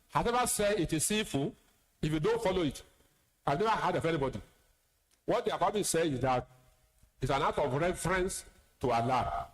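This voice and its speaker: An imam with a Nigerian accent gives a sermon lecture in a voice somewhat high for a man. He speaks plainly, repeats words for emphasis, and slips in teasing asides to his listeners, all on poor audio.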